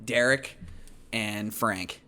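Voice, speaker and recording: A man's voice: lowish voice, very slow, crowd noise. A young man from the American Midwest, hosting a podcast with a friend and telling stories with swearing and laughter. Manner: storytelling, swearing, laughs at his own stories. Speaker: podcast host. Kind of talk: casual chat.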